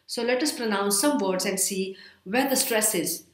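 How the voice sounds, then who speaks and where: A woman with an Indian English accent giving a recorded lecture, speaking slowly and deliberately and spelling words out letter by letter. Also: mid-range voice. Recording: echoey room.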